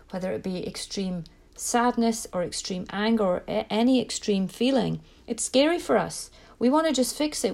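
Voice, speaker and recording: A woman giving parenting advice in an earnest, reflective way. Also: mid-range voice. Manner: earnest, reflective, with small restarts. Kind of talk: direct-to-camera parenting talk.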